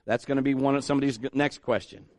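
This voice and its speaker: Animated man preaching a sermon. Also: medium pitch, rapid-fire, no room sound, clean studio sound. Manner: animated storyteller, acts out voices. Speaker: pastor. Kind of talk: sermon with storytelling.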